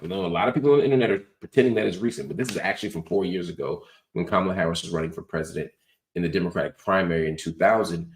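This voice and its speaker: The show host, a man who seems middle-aged, has a very deep, low voice. He delivers a laid-back talk-show monologue, reading out viewer comments in a conversational way.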